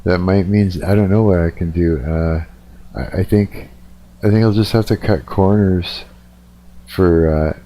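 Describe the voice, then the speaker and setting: A man's voice: low voice, fairly even intonation, unhurried, dark tone, slight background noise. Tired, profane man streaming live. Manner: profane, rambling, restarts sentences. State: a little tired. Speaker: livestreamer. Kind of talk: casual live-stream chat.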